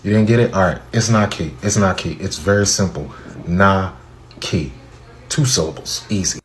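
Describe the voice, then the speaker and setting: A man's voice: sits low, fairly quick, slight background noise. A man mocking in disbelief as he ranted in a reaction video. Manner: mocking, incredulous.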